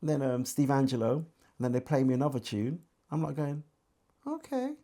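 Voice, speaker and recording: A middle-aged man with a Birmingham accent, a singer telling his story in a relaxed interview, acting out conversations and breaking into sung lines. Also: mid-range voice, a little fast. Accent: Birmingham English. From England. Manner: animated storyteller, acts out dialogue and sings snippets.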